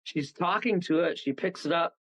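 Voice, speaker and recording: A man telling a story as a guest medium on a radio talk show, animated and rambling, acting out the voices of the people in it. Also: on the high side, normal speed, rough recording. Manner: animated, rambling, acts out voices, chuckles often.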